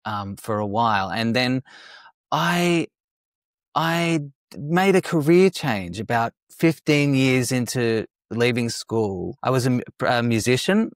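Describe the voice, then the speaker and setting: An Australian man in his forties talks as a guest psychologist on a podcast, friendly and quick to joke. His voice sits at an ordinary middle pitch and is recorded close and dry. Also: animated, dry recording. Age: 40s. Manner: friendly, joking, some restarts. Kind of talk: casual interview.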